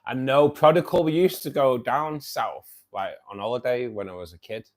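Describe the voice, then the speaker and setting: A man's voice: medium pitch, normal speed. A man hosting a casual livestream. He reads out viewers' chat, says "mate" a lot and laughs often. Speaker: livestream host reading chat.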